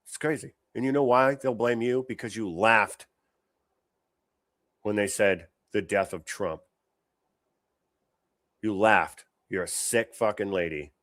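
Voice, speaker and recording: A man's voice: on the low side, a little slow, pauses often, a bit bright, dry recording, clean studio sound. A man hosting a show, giving blunt, opinionated reaction commentary on clips, swearing often and restarting his sentences.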